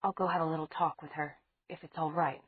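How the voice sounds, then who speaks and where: A quiet, sincere young woman talks softly in a slightly low, husky voice, as a woman narrator plays her. The sound is dry and thin, like a phone line. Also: fairly even intonation, fairly quick, no echo. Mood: gentle. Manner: soft, quiet.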